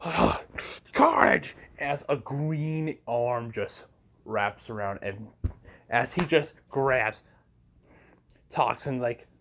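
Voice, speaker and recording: A man's voice: medium pitch, slow pace, long pauses, a bit bright, slight background noise. A young man improvising a fan story, rambling with many fillers.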